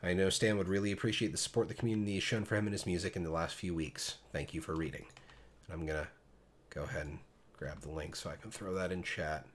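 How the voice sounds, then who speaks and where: A man's voice: sits low, steady tone, fast, slight background noise. A young man co-hosting a casual gaming podcast, chatting and reading news items aloud. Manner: reads news items aloud in a mock news anchor voice. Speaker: podcast co-host.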